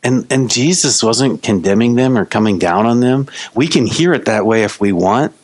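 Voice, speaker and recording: A man's voice: medium pitch, lively intonation, normal speed, darkish tone. A male pastor preaching a sermon in a casual, playful storytelling manner.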